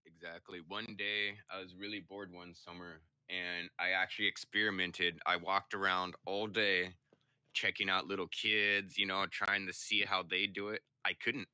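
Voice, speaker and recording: A young man talks casually on a stream, rambling through stories with plenty of swearing. His voice sits low, with a sharply bright edge. The sound is dry and close. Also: little pitch movement, moderate pace, clear, resonant tone, no room sound. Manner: rambling, profane storytelling. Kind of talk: casual chat.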